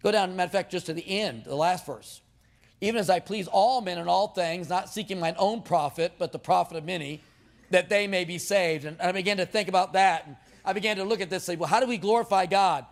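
Man, preacher, sermon, slightly high voice, animated storytelling, repeats words, jokes with the congregation. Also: a little fast, vocal fry.

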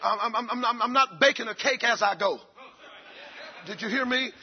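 A man preaching a fiery sermon as pastor, swinging between shouted lines and low, quiet passages. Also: normal speed, highs cut off.

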